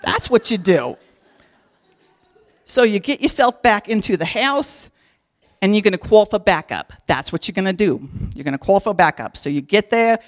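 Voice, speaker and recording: A woman's voice: mid-range voice, animated, normal speed. A woman teaching a casual devotional with a bouncy, sing-song delivery. She is folksy and joking and speaks right to her listeners. Her voice sits in an everyday middle register. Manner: folksy and humorous, talks straight to listeners.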